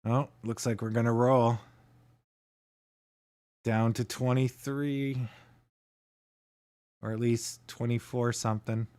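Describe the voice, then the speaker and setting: A man from Canada hosts a casual livestream and talks with his viewers in an easy, unhurried drawl. His voice sits at a middling pitch, and he chuckles often between remarks. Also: little pitch movement, darkish tone. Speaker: livestream host.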